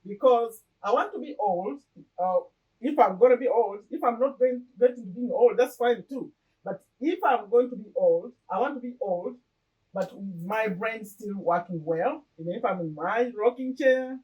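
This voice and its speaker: A middle-aged woman talking earnestly and reflectively to camera about her vision board, pausing and restarting as she goes. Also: fairly high pitch, recorded from a distance, muffled recording. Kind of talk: casual personal talk to camera.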